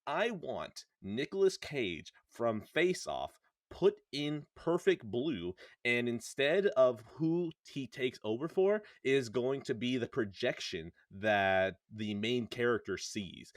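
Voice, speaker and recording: Animated joking man hosting a podcast. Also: mid-range voice, no room sound, clean studio sound. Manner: joking, animated, laughs often. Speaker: podcast host. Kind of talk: casual chat.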